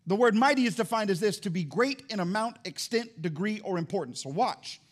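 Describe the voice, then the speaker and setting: A man's voice: high voice, lively intonation, fairly quick. A middle-aged man preaching a sermon in church as pastor, emphatic and repeating his key phrases.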